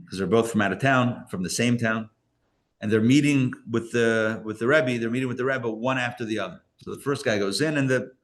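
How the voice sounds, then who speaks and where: A man who is a rabbi, teaching a live class in a casual, anecdotal way and often restarting his sentences. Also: fairly low pitch. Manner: conversational, anecdotal, with many restarts. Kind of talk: live lecture with stories. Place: live class in a Torah center.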